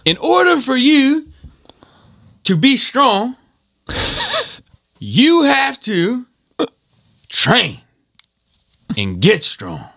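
Guy doing a yelling ex-marine drill sergeant, way high and clipped, cuts off word endings. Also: huge pitch swings, extremely slow, pauses often, full character voice. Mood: barking. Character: shouting ex-Marine drill instructor, gruff.

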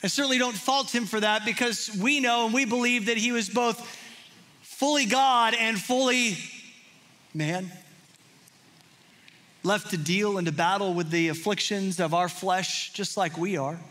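High, bright-voiced male preacher. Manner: earnest storytelling, drops to hushed intimate tones. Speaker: pastor. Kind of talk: sermon.

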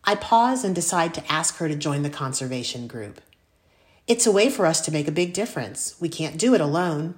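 Low-pitched female audiobook reader, expressive first-person storytelling. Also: a little fast. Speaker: audiobook narrator. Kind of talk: scripted first-person narration.

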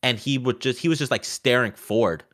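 A man talking fast and loose in a casual sports chat, restarting his sentences and leaning on "like" as a filler. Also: medium pitch. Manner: animated, restarts often, many "like" fillers.

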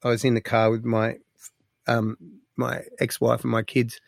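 A man, a musician guest telling stories in a casual interview, animated and full of fillers. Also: mid-range voice, moderate pace, vocal fry, no echo, clean studio sound. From Australia. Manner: animated storyteller, lots of fillers, excitable.

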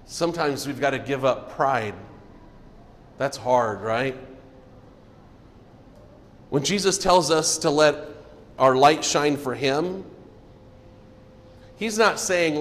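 A man preaching a sermon as pastor, earnest, often dropping to a soft low voice for emphasis. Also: slow pace, pauses often, big-room sound.

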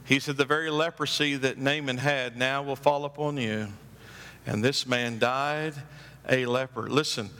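A man preaching a sermon emphatically, acting out story voices and building to loud, high climaxes. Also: fairly even intonation, in a large hall. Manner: acts out story voices with drawn-out phrases. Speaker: pastor.

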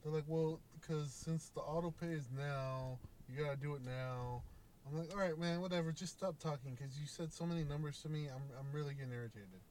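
On a podcast microphone, a young man with a fairly high, slightly mellow voice talks fairly quickly in a casual chat. He tells a story, acting out both sides of the exchange and swearing freely.

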